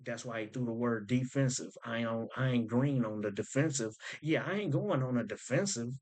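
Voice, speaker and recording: A man's voice: medium pitch, normal speed, darkish tone. A man hosting a rap breakdown, explaining wordplay in casual commentary and repeating lines to unpack them.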